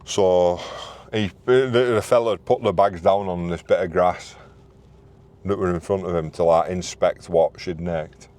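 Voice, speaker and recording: Deep-voiced man. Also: a little slow. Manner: animated, slangy storytelling with put-on quoted voices. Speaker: vlogger. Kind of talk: casual storytelling. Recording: loud traffic noise outdoors.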